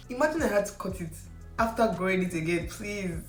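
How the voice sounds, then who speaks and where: A woman's voice: on the low side, animated, brisk, a little mellow. A young woman vlogging about her hair, chatting casually and mocking herself, with lots of "like". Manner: chatty, self-mocking, full of "like". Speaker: beauty vlogger. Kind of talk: casual chat to camera and voice-over commentary. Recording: roomy echo, faint music.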